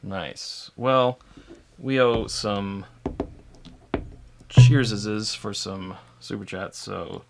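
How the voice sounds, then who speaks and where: A man co-hosting a whiskey tasting livestream in relaxed, chatty talk, laughing often. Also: on the low side, extremely slow, gravelly, long pauses, noisy background. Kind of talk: casual chat.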